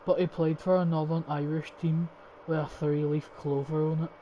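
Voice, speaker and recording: Young Scottish man, gaming commentary, swears a lot, dark voice, flat delivery, dull lo-fi mic with faint hiss. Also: fairly high pitch, moderate pace. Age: young adult. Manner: swears often, rambling and opinionated. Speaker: gaming streamer. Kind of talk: casual gameplay commentary.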